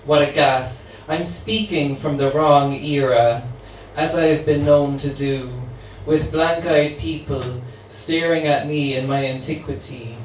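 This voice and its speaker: A man's voice: a little high, steady tone, measured pace, few pauses, lightly acted. A man reading a poem in the voice of a sassy, weary, immortal female voodoo queen, with a wry monologue delivery. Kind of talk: dramatic poetry reading. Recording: roomy, distant mic, faint ambient noise.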